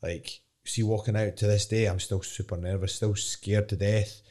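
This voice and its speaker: Candid Scottish fighter, low voice. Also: male voice, fairly even intonation, moderate pace, mellow. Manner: candid, rambling, swears casually. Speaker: professional fighter. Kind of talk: casual interview chat.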